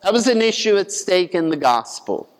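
Male preacher, conversational sermon, high voice, long hall reverb. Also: big pitch swings, normal speed. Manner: conversational, acts out voices in his retelling.

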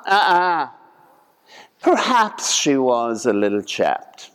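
A man preaching a conversational sermon in a folksy way, acting out voices with sudden leaps in pitch. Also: animated, a little slow. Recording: long reverb of a large hall.

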